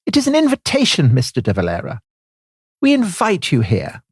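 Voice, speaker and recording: A man's voice: on the high side, huge pitch swings, moderate pace, breathy edge, dry recording, clean studio sound, pitched above the performer's own voice, exaggerated voice. A man reading aloud as a prim woman secretary keeping a diary, in a lofty, sweeping way. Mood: grand.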